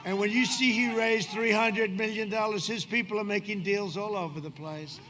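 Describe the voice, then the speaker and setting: A man in his seventies addresses a rally outdoors in the wind, boasting and rambling through a campaign speech with sarcastic asides. He speaks briskly in a high voice with a fairly bright tone.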